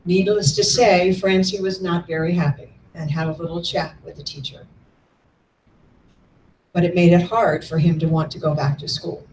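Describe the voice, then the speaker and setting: A woman in her sixties, a guest speaker at a lecture, telling her family's history in a measured, earnest storytelling manner while showing slides. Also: fairly low pitch, slight background noise. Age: 60s. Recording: echoey room, mic at a distance.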